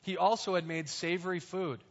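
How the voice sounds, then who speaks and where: Higher-voiced preacher in a reverberant hall. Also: male voice, fairly even intonation, fairly quick. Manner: conversational, explains scripture in plain words. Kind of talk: sermon. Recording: reverberant hall, dull lo-fi sound.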